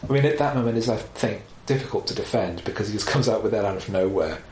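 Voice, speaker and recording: A man chatting casually about films, animated and wry, with exasperated asides. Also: fairly low pitch, fast talker. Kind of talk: casual film chat. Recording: roomy echo, faint background noise.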